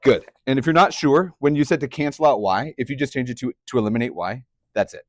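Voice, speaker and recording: A man's voice: medium pitch, fast, no room sound, studio quality. A young man teaching a math class, chatty, often putting questions to the students. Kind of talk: classroom lecture.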